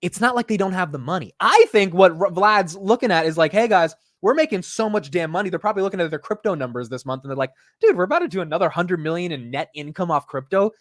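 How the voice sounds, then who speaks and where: A man hosting a live market show, talking stock news in a fast, animated, slangy casual chat full of restarts. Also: high-pitched, no echo, clean studio sound. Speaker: host.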